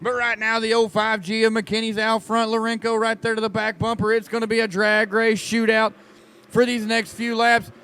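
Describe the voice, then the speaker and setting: An excitable man calls a dirt track race, his voice high and smooth. He jokes with the crowd between laps while race cars roar behind him. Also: normal speed. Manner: excitable, joking with the crowd, folksy. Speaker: race announcer. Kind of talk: live race commentary over a PA.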